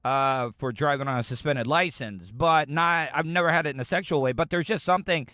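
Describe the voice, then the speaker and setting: A man's voice: a little high, a little fast, sharp tone, dry recording, clean studio sound. A man from the United States hosting a podcast, rambling casually as he reacts to audio clips. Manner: rambling, chatty, frequent restarts. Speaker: podcast host.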